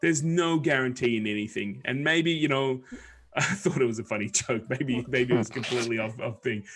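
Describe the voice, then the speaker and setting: A man's voice: mid-range voice, normal speed. A man co-hosting a livestream talk show, rambling in casual chat with many restarts. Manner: rambling, many restarts, animated when telling jokes. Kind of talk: casual chat, telling a joke.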